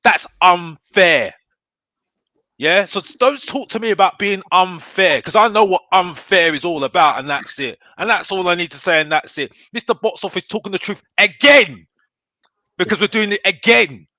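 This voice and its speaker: Brief: outspoken male football pundit, higher bright voice, dry close sound, keeps checking "yeah?". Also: normal speed, no room sound. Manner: emphatic, keeps asking "yeah?"; blunt and fired up. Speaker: football fan pundit guest. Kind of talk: casual debate chat.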